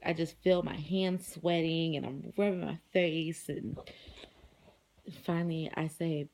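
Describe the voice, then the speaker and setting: Low gravelly woman chatting in a vlog. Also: steady tone, a little slow, a little mellow. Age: adult, married with children. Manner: chatty, rambling, many fillers. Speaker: vlogger. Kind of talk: casual personal vlog.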